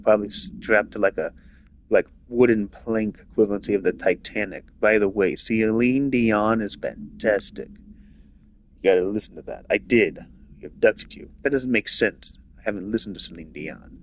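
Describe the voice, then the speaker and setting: A man with a somewhat low voice talks casually while he plays a video game. He rambles through his ideas and leans on filler words as he thinks aloud. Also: normal speed, fairly bright tone. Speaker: game streamer. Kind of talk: casual rambling commentary over gameplay.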